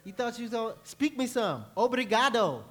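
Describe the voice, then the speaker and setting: A male pastor preaching a sermon, telling lively stories and acting out panicked voices. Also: very high-pitched, brisk. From New York. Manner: animated storytelling, acts out panicked voices. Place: church.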